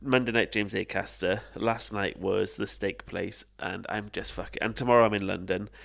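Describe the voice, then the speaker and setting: Gravelly, tired man telling anecdotes. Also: fairly low pitch, fairly even intonation, normal speed, a bit bright. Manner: rambling anecdotes, swears a lot, laughs often. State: jet-lagged and tired. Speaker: podcast co-host. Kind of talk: casual chat.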